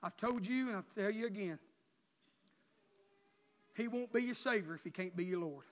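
Male preacher, high-pitched and impassioned, dull recording with long church reverb. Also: normal speed. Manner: impassioned, rising to near-shouts then dropping low. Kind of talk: emotional sermon testimony. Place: church sanctuary.

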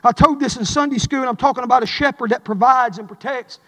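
A preacher with a strikingly high, strained voice, preaching in impassioned bursts that rise into shouts. His sermon rolls out in a church, with a long reverb trailing every line. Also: fast talker. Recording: long reverb of a large hall.

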